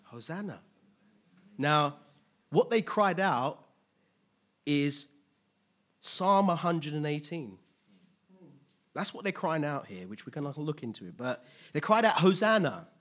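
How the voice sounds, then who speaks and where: Man preacher, sermon delivery, slightly high voice, animated with rhetorical questions and loud peaks. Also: unhurried, long pauses. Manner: casual asides with playful humor.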